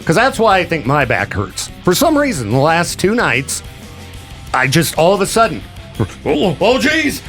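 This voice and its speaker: A man hosting a casual radio show, chatty and quick to laugh, with a sore back. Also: fairly high pitch, sing-song, fairly bright tone, faint music behind. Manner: chatty, laughs often, slips into mock voices. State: sore back after vomiting. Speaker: radio host.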